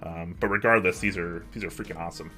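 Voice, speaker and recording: A man's voice: low voice, steady tone, fast talker, bright, forceful tone, soft background music. A young man hosting a casual livestream from his home office, chatting and answering viewer messages. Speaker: livestream host.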